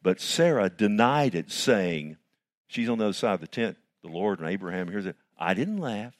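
A man's voice: low-pitched, expressive, moderate pace. A male pastor preaching a sermon, asking rhetorical questions and calling the listeners "loved one".

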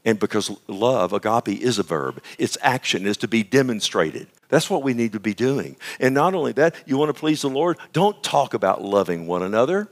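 A man's voice: medium pitch, expressive, normal speed, few pauses. A male pastor giving a radio sermon, fervent and emphatic, often turning to his listeners with "amen?" and "listen".

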